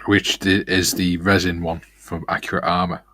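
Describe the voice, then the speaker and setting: A man's voice: low-pitched, little pitch movement, normal speed, pushed and bright, no room sound. A man co-hosting a model-building stream, chatting casually and reading out viewer comments, laughing easily.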